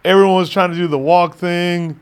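A man's voice: sits high, steady tone, brisk, clear, resonant tone. A man chatting casually as a podcast co-host, laid-back, laughing often and swearing now and then. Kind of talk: casual chat.

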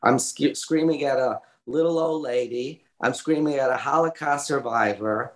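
An older man, an author and illustrator, telling a family story in an interview, halting with many fillers and restarts and acting out quoted lines. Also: mid-range voice, reverberant. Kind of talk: conversational storytelling.

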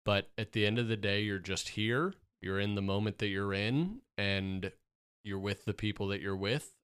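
A man's voice: fairly low pitch, normal speed, a bit bright, smooth, no room sound. A man co-hosting a casual podcast at a studio mic, wry and steering the conversation. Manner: dry, wry, steers the talk. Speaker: podcast co-host. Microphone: studio microphone.

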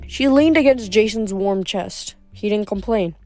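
A woman reading a novel aloud in steady storytelling narration. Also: medium pitch, measured pace, faint music behind. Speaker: reader.

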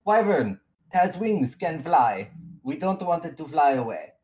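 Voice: medium pitch, big pitch swings, a little slow, darkish tone. A man voicing a male adventurer, formal and choppy; earnest planner type for a tabletop game. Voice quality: put-on accent, clipped broken phrasing.

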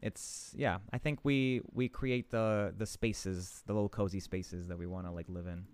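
A young man hosting a casual interview, relaxed, tossing in jokey asides. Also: fairly low pitch, moderate pace, smooth. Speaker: podcast host.

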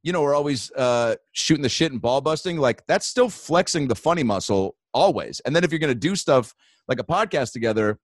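A man's voice: mid-range voice, expressive, a little fast, dry recording, clean studio sound. A man talking as a guest on a podcast in laid-back casual chat, laughing easily and calling people man and dude. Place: remote video call.

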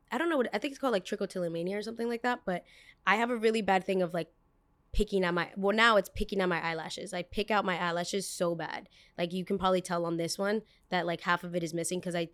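A woman's voice: medium pitch, quick pace. A young adult woman hosting a podcast, telling a story in a chatty way, full of fillers, tangents and blunt swearing. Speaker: podcast host. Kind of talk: casual storytelling.

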